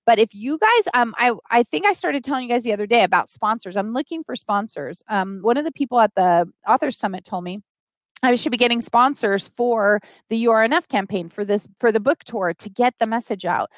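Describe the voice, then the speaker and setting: A woman's voice: fairly high pitch, expressive, brisk, no room sound, clean studio sound. A middle-aged woman hosting a live stream, earnestly pleading with viewers for help and greeting them by name as she talks.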